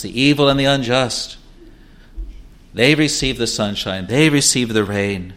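A man preaching a sermon, measured and emphatic, often repeating words and phrases. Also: mid-range voice, a bit bright. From New Zealand.

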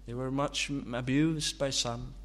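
A man preaching a sermon, asking slow, searching rhetorical questions. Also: mid-range voice, steady tone, a bit bright.

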